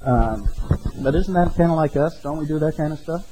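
A man's voice: a little high, moderate pace, dark tone, breathy edge, faint music behind, rough recording. A man preaching a sermon in a conversational way, often checking in with his listeners with "okay?" and "right?". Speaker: pastor.

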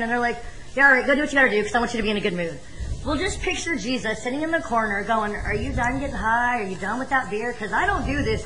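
A woman's voice: on the high side, fairly bright tone, rough recording. A woman giving a personal testimony at church, speaking informally with fillers and restarts.

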